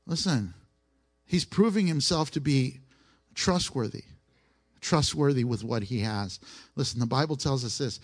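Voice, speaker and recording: A man's voice: mid-range voice, animated, a little slow. A man preaching a sermon in a conversational way. He asks the listeners questions and repeats his key phrases.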